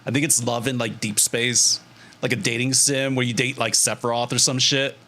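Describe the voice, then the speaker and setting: A man's voice: medium pitch, flat delivery, normal speed, pushed and bright. A young man hosting his own art livestream, chatting casually with viewers, laughing often and swearing freely. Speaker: streamer.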